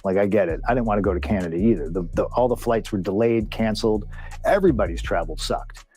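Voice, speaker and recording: Heated, profane low-voiced man. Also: lively intonation, fast, mellow, slightly rough, soft background music. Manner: profane, heated retelling with lots of quoted dialogue. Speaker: interview guest, pro wrestler. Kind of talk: candid storytelling in a long-form interview.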